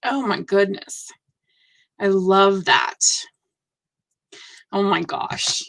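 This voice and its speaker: A woman in her fifties hosting a casual live stream, gushing warmly over viewers' work with effusive reactions. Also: sits high, expressive, takes it slowly, pauses often. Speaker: host of a live stitching show.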